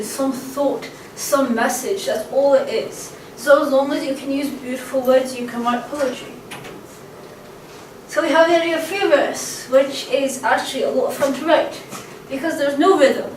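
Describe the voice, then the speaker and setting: A woman's voice: high voice, distant mic. A woman giving a casual poetry lesson, chatty and full of ums and uhs, tapping out stress patterns aloud. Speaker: poetry teacher. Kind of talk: casual lecture. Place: room with a camcorder. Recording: echoey room, voice away from the mic, faint background hum.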